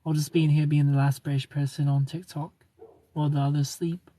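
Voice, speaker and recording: Guy on a phone live stream, kinda high voice, chatty, reads comments out and hypes people up. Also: little pitch movement, fairly quick, dark tone. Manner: chatty, greets viewers and reads their comments aloud; playful, gives breakup advice in a coaching tone. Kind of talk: casual live stream chat.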